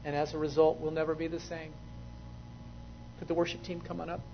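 A man preaching a sermon as pastor in a church, measured and earnest. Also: on the high side, level tone, muffled recording, a little hiss or hum. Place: church sanctuary.

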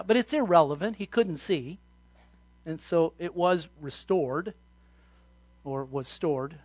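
A man preaching a sermon, telling Bible stories and acting out scenes with sudden shouts. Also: high voice, dry recording. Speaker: pastor.

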